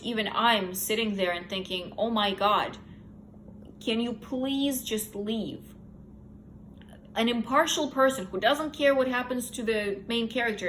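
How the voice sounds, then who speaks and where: A woman's voice: mid-range voice, fairly bright tone, slight background noise, rough recording. A young woman casually recapping a novel's plot in her own words, candid and opinionated. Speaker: book reviewer. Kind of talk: casual book review chat.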